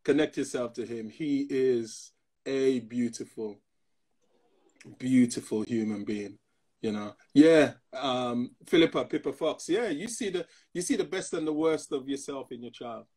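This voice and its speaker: A pastor in his fifties, speaking at medium pitch with a measured pace and a breathy edge, relates personal stories in casual talk. He brings them to life by acting out everyone else's voices.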